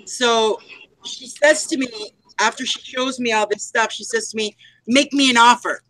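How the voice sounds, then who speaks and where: A woman's voice: a little high, fairly even intonation, moderate pace, fairly bright tone, no echo, rough recording. A woman in casual chat on a video call, telling a story and showing off her craft finds. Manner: chatty storyteller.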